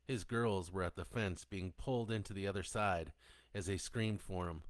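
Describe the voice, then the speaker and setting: A man reading a horror audiobook in a steady, descriptive way. His voice is very low and deep, recorded close and dry with no room sound. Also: normal speed, no echo. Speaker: audiobook narrator. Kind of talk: scripted horror narration.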